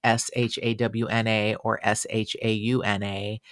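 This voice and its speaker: A man hosting a casual true-crime podcast, chatty and animated, with fillers and exclamations. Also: fairly low pitch, unhurried, no room sound, studio quality. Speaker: podcast host.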